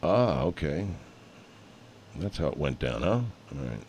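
A man's voice: rumbling low, sing-song, measured pace, darkish tone, slight background noise. A male show host in a studio, rambling through a casual, profane pre-show monologue full of fillers.

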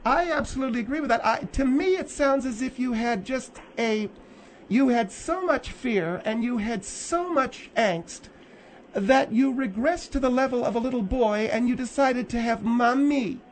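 A man's voice: extremely high pitch, moderate pace, slight background noise, pitched above the performer's own voice. A man voicing a blunt, scolding middle-aged woman, a guest in a radio studio. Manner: blunt, mocking.

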